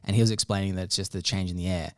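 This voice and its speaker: A young Australian man with a fairly low voice talks loosely on a podcast, drifting between half-finished thoughts and swearing freely. He acts out other people's lines as he goes. The sound is dry and close, with no room echo. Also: steady tone, very fast. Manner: rambling, swears freely, acts out quoted dialogue. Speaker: podcast host. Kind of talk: casual podcast chat.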